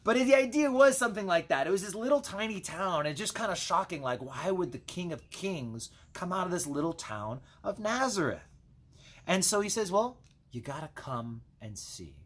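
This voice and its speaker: A male pastor talks through a Bible passage in a relaxed devotional. His fairly high voice rides up and down, breathy and husky at the edges. He drifts into chatty asides between verses. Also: moderate pace. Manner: conversational, chatty asides while reading scripture. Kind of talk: casual Bible devotional teaching.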